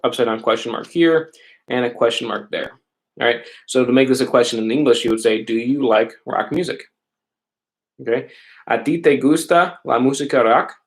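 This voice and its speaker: A male teacher explaining worksheet examples step by step in a casual online class, often checking in with "right?". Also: medium pitch. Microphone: laptop or webcam mic.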